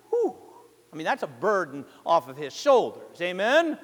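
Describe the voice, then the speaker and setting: A male pastor with a very high voice, preaching to his congregation. He retells the parable like a story and keeps asking the listeners questions. His voice rings with the long reverb of a large church hall. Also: big pitch swings, normal speed. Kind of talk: sermon.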